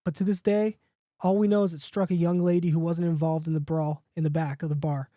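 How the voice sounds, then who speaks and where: Brief: podcast host, man, reads a comic horror story in a mellow, relaxed voice with a dry sound. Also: a little high, fairly quick, dry recording. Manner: casual, jokey, with restarts and asides.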